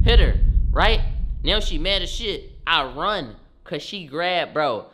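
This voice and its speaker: A young man, a streamer, telling a story in a slangy, profane, animated way, getting loud on the punchlines. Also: a little high, takes it slowly, lo-fi sound, a little hiss or hum. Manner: swears often, slangy, bursts loud on punchlines.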